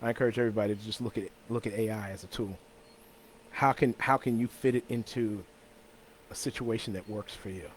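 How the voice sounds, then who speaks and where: A man hosting his own weekly talk show, chatting casually in an easygoing, rambling way with frequent restarts and repeated words. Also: medium pitch. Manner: chuckles between thoughts. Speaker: host of a weekly talk stream.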